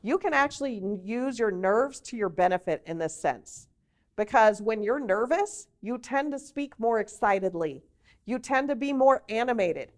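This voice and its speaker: A woman teaching a workshop on job interview skills, lively and conversational, with demonstrations and asides. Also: fairly high pitch. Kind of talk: workshop presentation to a group.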